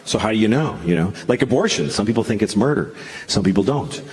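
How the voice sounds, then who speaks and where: A man doing a stand-up routine on a club stage, delivering shocking lines in a dry, deadpan way. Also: fairly low pitch, fast talker. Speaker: stand-up comedian. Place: comedy club stage before a laughing audience. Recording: live club recording with loud crowd laughter.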